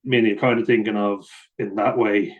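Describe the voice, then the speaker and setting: A man's voice: fairly low pitch, steady tone, moderate pace, phone-quality sound. A man, a rugby player hosting a casual, blunt commentary on the rules of the game, swearing and laughing easily along the way.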